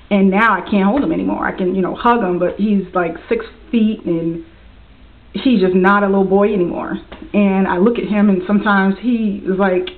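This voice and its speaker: A young woman earnestly sharing a heartfelt personal message in a vlog, speaking with faith and warmth. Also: medium pitch, fairly even intonation, normal speed. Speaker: vlogger. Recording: tinny, phone-like lo-fi audio.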